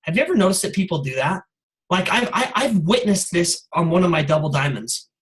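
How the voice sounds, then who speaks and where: A man giving an energetic, casual motivational talk on a sales call, full of "like" and "you guys.". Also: sits high, a little fast, low-quality recording. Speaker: guest speaker on a sales call.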